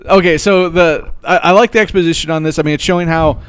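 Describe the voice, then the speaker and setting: A man's voice: fairly high pitch, fairly even intonation, fast talker, clear, resonant tone, no room sound. A man co-hosting a casual movie podcast, rambling, laughing often and swearing casually. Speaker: podcast co-host. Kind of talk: casual chat.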